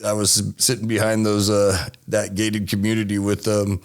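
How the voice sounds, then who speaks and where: A man's voice: fairly low pitch, normal speed. A man in his late forties from the United States, telling his story as an interview guest and acting out the people in it. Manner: animated, acts out voices in his stories, laughs often. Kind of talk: casual storytelling.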